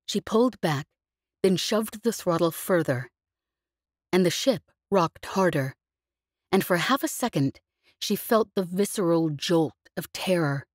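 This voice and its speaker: Low, expressive woman narrator for a sci-fi-style audiobook, dry close studio sound. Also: measured pace, no room sound. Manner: expressive, vivid storytelling.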